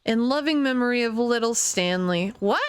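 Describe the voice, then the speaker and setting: A young woman streaming a game, chatting casually, giggling and thinking out loud. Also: on the high side, expressive, moderate pace, slight background noise. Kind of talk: casual let's-play commentary.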